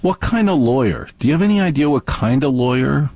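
Brisk and lively in intonation, a man with a medium, slightly mellow voice hosts talk radio, sarcastically venting his indignation between callers.

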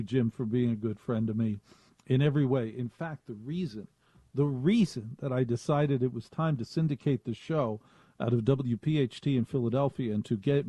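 A man hosting a radio talk show, rambling and self-mocking, with animated asides, in a studio. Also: mid-range voice, slightly rough, dry recording.

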